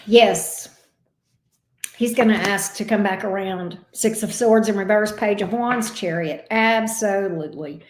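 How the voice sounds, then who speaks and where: A woman's voice: medium pitch, a little slow. A woman reading tarot on a live stream, chatty and emphatic, repeating each question aloud as she shuffles. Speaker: tarot reader. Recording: roomy echo.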